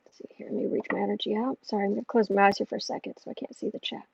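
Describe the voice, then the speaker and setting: A woman with a husky, breathy voice muses through an astrology and tarot reading on a casual livestream. The sound is close and dry, with a dull, lo-fi edge to the stream audio. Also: mid-range voice, level tone, very fast, no echo. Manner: musing, thinking aloud.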